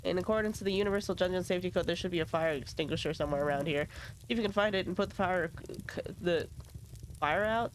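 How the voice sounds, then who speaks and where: A woman voicing a pedantic, nerdy male frog sidekick in a game, quick and fussy as he corrects others. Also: lowish voice, a little hiss or hum, voice pushed down, close to an everyday voice, poor audio.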